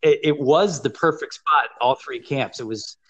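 A man's voice: medium pitch, moderate pace, a bit bright, breathy edge, lo-fi sound. A man who hosts and produces the show, asking open questions in a casual interview and adding behind-the-scenes anecdotes. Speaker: host and producer.

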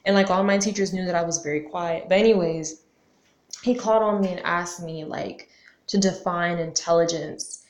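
A woman's voice: fairly low pitch, steady tone, moderate pace. A young woman talking casually to camera as a vlogger, slangy and full of questions, often saying "like" and cursing now and then. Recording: roomy echo.

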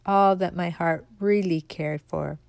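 A woman's voice: on the low side, fairly even intonation, a little slow, gravelly, a little mellow, dry recording. King Midas, a sobbing remorseful king voiced by a woman. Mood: grieving. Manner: pleading, sobbing delivery. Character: grieving old king, remorseful and desperate.

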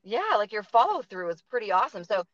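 A woman's voice: medium pitch, very animated, quick pace, muffled recording. A woman with a Boston accent hosting a casual interview, talking chattily with lots of fillers. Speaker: podcast host.

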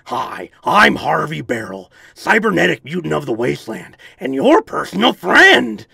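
Gravelly wasteland mutant, cocky and powerful, a man doing the voice, slow and deliberate. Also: a little high, huge pitch swings, bright, forceful tone, exaggerated voice.

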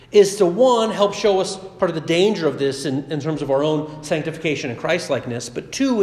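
A man's voice: high voice, a little mellow. A man pastor giving a chatty, conversational sermon with personal stories. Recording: echoey hall reverb.

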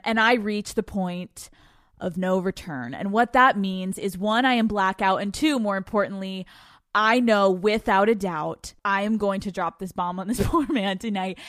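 A woman's voice: medium pitch, expressive, measured pace, fairly bright tone, no room sound, studio quality. A young adult woman hosting a podcast, telling a candid personal story in a frank, profane way and laughing often. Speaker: podcast host.

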